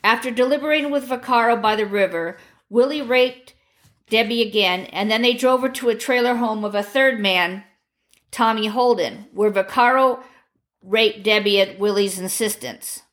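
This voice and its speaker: A woman narrating a true crime story in a grave, measured reading voice. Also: a little high, fairly bright tone.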